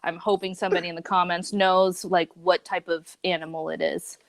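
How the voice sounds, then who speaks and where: A woman's voice: lowish voice, flat delivery, fairly quick, gravelly. A young woman co-hosting a youth group livestream, chatting casually and reading memes aloud with lots of "like" and "dude". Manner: laid-back, lots of "like", "man" and "dude".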